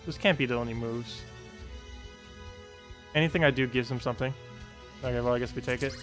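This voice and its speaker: Man mumbling quick game commentary. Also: medium pitch, a bit bright, soft background music. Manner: quick, mumbled play-by-play talking to himself. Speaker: gaming streamer. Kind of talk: casual live-stream commentary.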